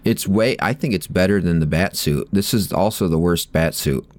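A man's voice: deep voice, normal speed, dry recording. A man co-hosting a casual movie podcast, rambling and swearing casually, a bit off-mic. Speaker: podcast co-host. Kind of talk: casual movie review chat.

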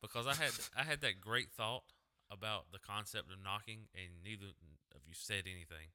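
A man's voice: on the low side, normal speed, bright, forceful tone, clean tone. A man co-hosting a podcast, musing aloud and telling odd stories in casual chat. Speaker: podcast co-host.

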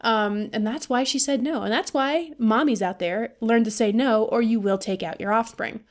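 A woman's voice: on the high side, normal speed. A woman hosting a podcast, talking casually and venting with a lot of swearing and laughter. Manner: profane, venting, animated with laughs. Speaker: podcast host. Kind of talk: casual monologue.

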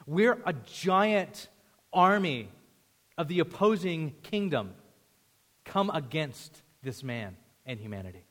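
A man preaching a sermon as pastor, emphatic and storytelling, swinging between loud declarations and hushed asides. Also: on the high side, sing-song, takes it slowly. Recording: reverberant hall sound.

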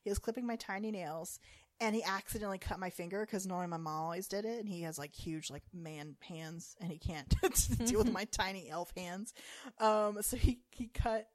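A woman's voice: mid-range voice, moderate pace, no room sound. A chatty woman in a casual podcast chat, her voice in the middle of the usual range. She laughs often and wanders into long, rambling stories. The sound is dry and close, with no room around it. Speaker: podcast co-host.

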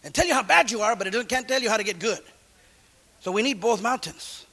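Quick and husky with a high voice, a middle-aged preacher tells his testimony in street slang during a sermon. He moves between loud calls and quiet, hushed asides.

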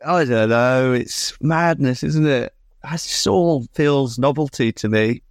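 A man's voice: medium pitch, slow, smooth, no room sound. Brief: male podcast co-host, hedging, thoughtful, dry studio sound. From London. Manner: musing, hedging with ums and "sort of". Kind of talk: casual chat.

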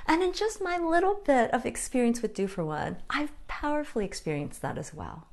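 A woman's voice: a little high, sing-song, fairly quick. A woman giving a conversational sermon, candid and self-deprecating, with frank asides to her listeners. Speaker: preacher.

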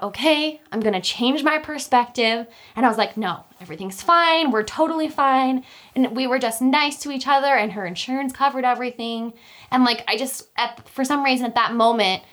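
A woman's voice: fairly high pitch, fairly bright tone. A young woman telling a personal story in casual chat, talkative, with many fillers and restarts. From Utah, US.

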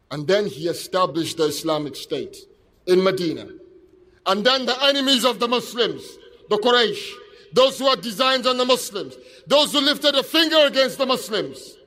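A man giving an impassioned speech at an outdoor street protest, shouting call-and-response questions to a crowd. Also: extremely high pitch, normal speed. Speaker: speaker at a protest rally.

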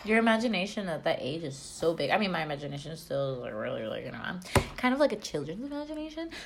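A woman's voice: quick pace, vocal fry, a little hiss or hum. A young woman and mother chatting casually on a vlog, telling childhood stories and acting out the voices. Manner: animated storyteller, acts out voices with big pitch jumps. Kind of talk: casual chat.

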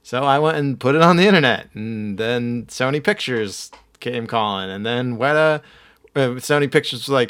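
Man, podcast host, casual rambling chat, self-deprecating, mid-pitched voice. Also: animated, moderate pace, a bit bright, clear, resonant tone.

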